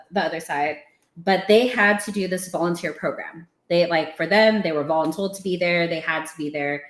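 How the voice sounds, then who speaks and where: Animated woman telling a story. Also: lowish voice, echoey room. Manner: animated, laughing, acting out quotes. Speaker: podcast guest. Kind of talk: casual storytelling.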